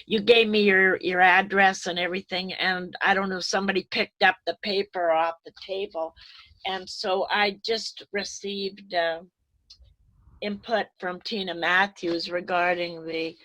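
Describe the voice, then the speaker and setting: A woman's voice: fairly low pitch, a bit bright, no echo, low-quality recording. Tearful eighty-year-old woman on a call. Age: 80s. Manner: halting, repeats words, rambling. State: tearful, voice breaking. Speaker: retired nurse, webinar attendee. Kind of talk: emotional open-floor remarks on a video call. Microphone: video call.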